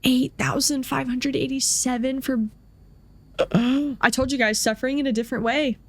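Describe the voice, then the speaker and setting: A woman's voice: high voice, fairly even intonation, moderate pace. A young woman commenting on a game as she plays, rambling and emotional, with many fillers. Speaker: gaming streamer. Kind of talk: let's play commentary.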